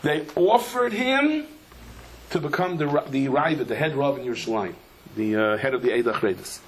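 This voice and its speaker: A rabbi gives a storytelling Torah class, speaking expressively at a normal speed. He recounts stories with animation, sprinkles in Hebrew and Yiddish terms, and imitates the people he quotes by raising his pitch. The recording is low quality, with a slight hiss or hum.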